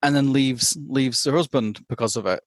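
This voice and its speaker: A man in a casual podcast chat about a film, talking in halting bursts with many restarts and quick laughs. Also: medium pitch, no room sound, studio quality. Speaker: podcast guest.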